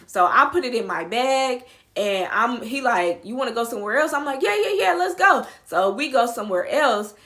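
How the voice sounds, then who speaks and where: A young woman telling a storytime vlog in a casual, profane, animated way, acting out her own quotes loudly. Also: on the high side, normal speed. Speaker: vlogger.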